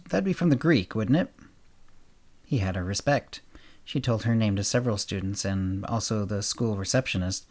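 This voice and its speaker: A man hosting a podcast and narrating a short story, raising his voice for the characters' dialogue and dropping it low and quiet for the narration.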